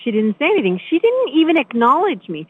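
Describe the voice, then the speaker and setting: A woman host telling a personal story in a chatty, animated way, often restarting her sentences. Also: high voice, fast talker. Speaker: show host. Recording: tinny phone-line sound.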